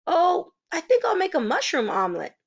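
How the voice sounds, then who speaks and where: A woman's voice: very high voice, huge pitch swings, moderate pace, pitched above the performer's own voice, heavily acted. A woman voicing a cheerful, confident father who coaxes his kids along. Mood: coaxing. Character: cheerful dad, eager and confident. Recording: dull lo-fi recording.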